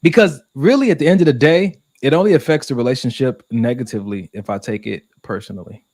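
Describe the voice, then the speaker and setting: A man in his thirties talks through relationship questions on a casual podcast, earnest and reflective. His voice sits at an ordinary middle pitch and is recorded close and dry with no room sound. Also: quick pace, a little mellow, no echo. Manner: earnest, reflective, speeds up when making a point. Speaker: podcast co-host.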